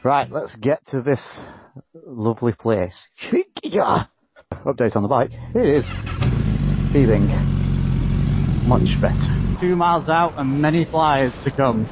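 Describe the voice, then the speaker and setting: A man vlogging a motorbike road trip, excitable and jokey, teasing animals and locals. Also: medium pitch, a little slow, pauses often, highs cut off. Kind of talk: casual on-the-road vlog chat.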